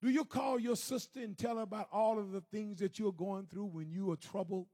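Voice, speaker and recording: A man preaching a sermon, moving from hushed, low moaning to shouted, sing-song exhortation. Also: fairly even intonation, brisk.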